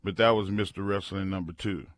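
A man's voice: sits low, fairly even intonation, brisk. A man co-hosting a sports radio show, talking bluntly and slipping into mock-angry rants. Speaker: radio co-host. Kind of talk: casual sports radio chat.

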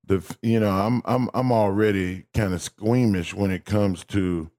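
Low-voiced wry radio co-host man. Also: fairly even intonation, normal speed, a little mellow. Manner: wry, storytelling, mock outrage. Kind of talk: casual radio sports talk.

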